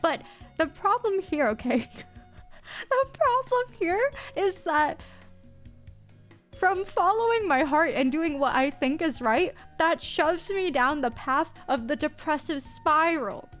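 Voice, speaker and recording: A woman streamer in casual live-stream chat, excitable and swearing freely. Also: extremely high pitch, takes it slowly, faint music behind.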